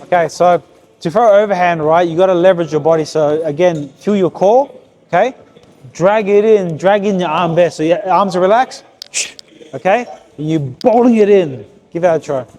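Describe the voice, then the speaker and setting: High-voiced boxing coach. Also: male voice, a little mellow. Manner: short repeated cues, brisk and encouraging. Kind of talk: hands-on coaching session. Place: boxing gym with heavy bag.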